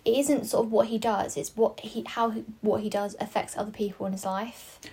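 A woman's voice: mid-range voice, level tone, a little fast, mellow, breathy edge. A woman in casual conversation about a film, thoughtful and searching for words.

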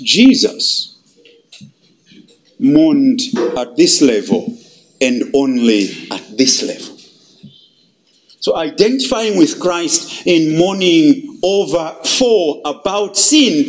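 A man preaching a sermon, emphatic and dramatic, swinging between loud and hushed. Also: a little high, lively intonation, slow pace, long pauses.

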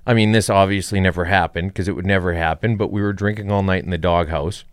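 A low, smooth-voiced man tells a work story in a dry, deadpan way, swearing freely. The sound is clean, close and dry. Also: fast talker, dry recording. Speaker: podcast guest, comedian. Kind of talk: casual storytelling chat.

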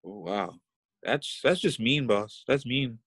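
A man's voice: mid-range voice, animated, takes it slowly, a bit bright, breathy edge, no echo, studio quality, heavily acted. A man voicing a nervous underling who hesitates and repeats his questions. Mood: anxious. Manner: hesitant, repeats questions, keeps saying boss. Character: nervous young male underling, deferential.

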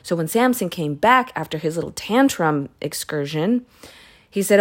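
A woman's voice: low-pitched, animated, moderate pace. Chatty woman retelling Bible stories. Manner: chatty, with self-corrections and asides. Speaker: Bible reading podcaster. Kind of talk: casual Bible story retelling.

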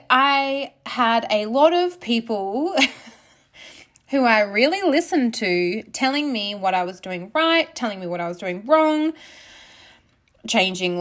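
A woman, hosting a casual solo podcast in a candid way, swearing freely and laughing often. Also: fairly high pitch. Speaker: podcast host.

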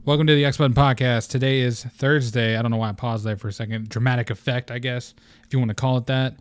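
A young man hosts his own podcast with a scatterbrained, excitable energy, rambling and swearing freely. His voice sits at an ordinary middle pitch. The sound is dry and close to the mic. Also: fast talker, smooth, no room sound. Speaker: podcast host. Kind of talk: casual solo podcast chat.

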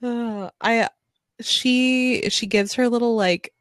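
A woman's voice: on the high side, slow pace, no echo, clean studio sound. A woman in her thirties co-hosting a casual book chat, laughing as she tells stories about her daughters. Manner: laughing, animated storytelling. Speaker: podcast co-host.

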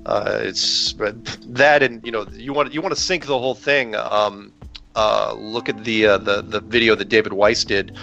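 A man's voice: on the low side, fairly even intonation, gravelly, sharp tone. A man talking in a heated, rambling way, restarting sentences and often asking "right?" as he argues his point. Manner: heated, rapid, many restarts and rhetorical "right?". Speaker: podcast guest with his own channel. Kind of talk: casual conversational rant. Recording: dull lo-fi sound with faint music.

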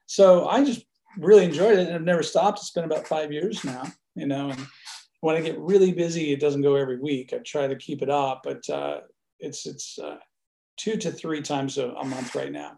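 A man, a producer and studio owner, telling stories as a guest in a casual interview, relaxed and acting out quoted dialogue. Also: a little high, normal speed, gravelly, roomy sound, slight background noise.

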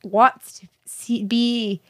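A woman's voice: a little high, little pitch movement, drawn-out words, a bit bright. A woman co-hosting a podcast in casual chat, playful and goofy, swearing freely. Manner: playful, goofy, puts on silly voices. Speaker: podcast co-host.

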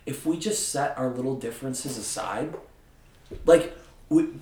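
A man's voice: medium pitch, animated, unhurried, a little mellow, far from the mic. A man hosting a casual podcast chat, ranting with heavy swearing. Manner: profane, ranting, heated. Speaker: podcast host. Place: room with a friend. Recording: echoey room, off mic.

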